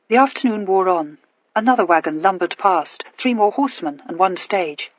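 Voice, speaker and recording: A woman narrating an audiobook in even, measured storytelling. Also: fairly low pitch, no room sound. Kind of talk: scripted narration. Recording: dull lo-fi dry recording.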